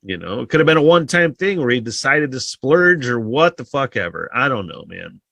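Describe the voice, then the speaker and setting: A man talks alone into a close podcast mic, rambling loosely and cursing freely, with many sighs between thoughts. His voice has a sharp, bright edge, and the sound is dry with no room to it. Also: mid-range voice, very animated, a little fast, gravelly, no room sound. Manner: rambling, heavy swearing, frequent sighs. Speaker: podcast host. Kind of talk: casual solo podcast monologue.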